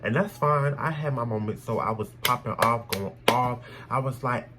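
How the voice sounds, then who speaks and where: A young man telling a personal story in a casual, animated way, blunt and full of swearing. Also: medium pitch, moderate pace, few pauses, noisy background. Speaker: storytime vlogger.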